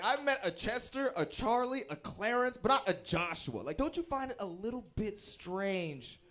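A young man performing a stand-up comedy set, telling self-deprecating stories with playful shifts in his voice. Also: high-pitched. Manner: animated, self-deprecating storytelling with playful voice swings. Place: small comedy venue at a bowling alley.

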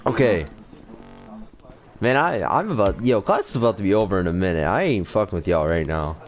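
A man with a low voice and lively intonation talks a little fast in a crowded online game voice chat. The gaming video host is playing an exasperated, mock-strict teacher, laughing frequently as he goes.

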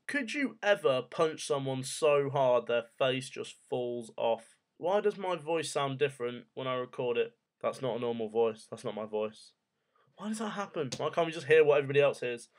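A young man in his twenties talks to camera at home, drifting from one odd thought to the next. His delivery is jokey and offhand, full of rhetorical questions and casual swearing, at an everyday middle pitch. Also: lively intonation, normal speed. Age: 20s. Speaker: vlogger. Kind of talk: casual rambling monologue.

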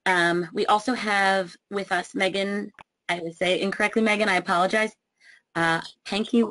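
A woman's voice: medium pitch, fairly even intonation, moderate pace, a bit bright, low-quality recording. A woman hosting a webinar and introducing the authors, with many ums as she reads through their biographies. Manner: frequent ums, reading introductions. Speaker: webinar host.

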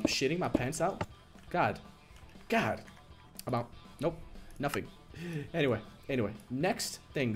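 A young man streaming a game, complaining and swearing, muttering low one moment and shouting the next. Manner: frustrated, swearing, swings from mumbling to shouting. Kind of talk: live gameplay commentary. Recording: game music behind the voice. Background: game music.

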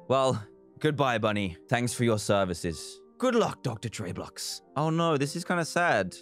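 Young male gaming host, lively swooping pitch, stressed muttering to loud cheers, faint music underneath. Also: brisk. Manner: animated, stressed muttering to himself, yelps and cheers. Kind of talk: excited gameplay commentary.

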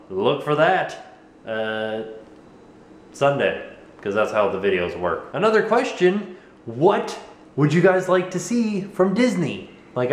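A young American man vlogging at home in a goofy, rambling, jokey way. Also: mid-range voice. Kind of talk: casual vlog chat to camera. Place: home living room. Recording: echoey room.

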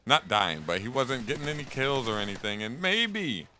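A young man chatting casually and profanely while playing a video game, rambling and animated. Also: mid-range voice, normal speed, a little hiss or hum. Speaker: gaming streamer. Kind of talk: casual gameplay commentary.

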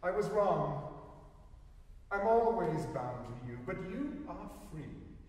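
A man voicing a humble, patient man in love who speaks gently and earnestly, recorded live from afar in a roomy hall. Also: high voice, very animated, slow, recorded from a distance, heavily acted.

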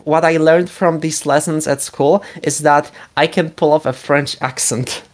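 A young woman from Poland chatting casually while drawing with friends, slow and deadpan. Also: sits low. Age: young adult. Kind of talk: casual chat.

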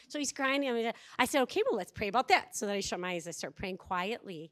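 At a conference workshop, a woman tells stories to an audience in a conference room, animatedly acting out the lines of the people in them. Her voice is medium-pitched and brisk, with hardly any pauses.

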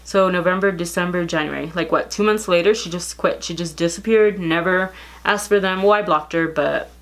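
A woman's voice: lowish voice, normal speed. A woman vlogger telling a storytime in casual gossip, bluntly and with lots of swearing, reading out text messages.

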